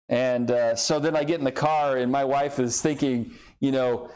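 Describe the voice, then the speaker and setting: A man's voice: medium pitch, moderate pace, darkish tone, clear, resonant tone. A male pastor delivering a sermon, telling a personal story with self-deprecating humor.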